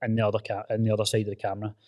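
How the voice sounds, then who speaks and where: Scottish pt talking fast in a gym, swears a lot, calls everyone mate. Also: male voice, fairly low pitch, completely flat delivery, darkish tone. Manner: blunt and sweary, with lots of "mate" and "aye". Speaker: podcast host and personal trainer. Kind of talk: casual chat.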